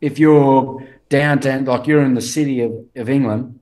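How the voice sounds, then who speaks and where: A laid-back Australian man from the country makes wry jokes in a casual chat. He calls in from home over a video link. His voice sits at a middling pitch. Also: steady tone, moderate pace, darkish tone. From rural Australia. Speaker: guest. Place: remote video call from home.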